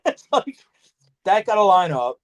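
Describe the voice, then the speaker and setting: A man hosting a casual podcast chat, telling animated stories, swearing freely and acting out conversations. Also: high-pitched, slow. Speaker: podcast host, snake breeder.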